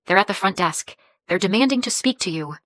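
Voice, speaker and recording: A woman's voice: mid-range voice, expressive, a little fast, fairly bright tone, natural voice. A woman reading a matter-of-fact bank manager.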